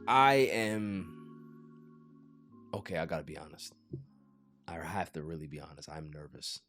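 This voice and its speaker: A man hosting a casual sports podcast, joking and theatrically pleading in an animated way. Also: rumbling low, normal speed, soft background music. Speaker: podcast host.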